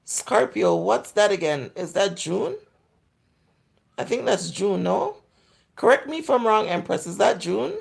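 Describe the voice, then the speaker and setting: A woman in her forties with a Jamaican accent hosts a casual livestream and reads out viewer comments. Her voice carries a heavy gravelly fry throughout, and she talks candidly, drifting into patois as she goes. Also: mid-range voice, lively intonation, unhurried. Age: 40s. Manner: chatty and candid, slipping into patois. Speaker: livestream host. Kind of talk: casual live chat answering viewer comments.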